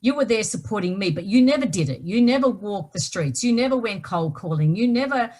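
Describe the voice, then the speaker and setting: A woman's voice: mid-range voice, expressive, fairly quick, a little mellow. An Australian woman, a guest author, telling a personal story emphatically and often checking in with "right?". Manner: emphatic, keeps asking "right?".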